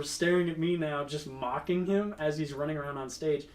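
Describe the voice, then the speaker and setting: A man's voice: fairly high pitch, fairly even intonation, normal speed. A young man telling a rambling, laughing story in casual chat, swearing freely.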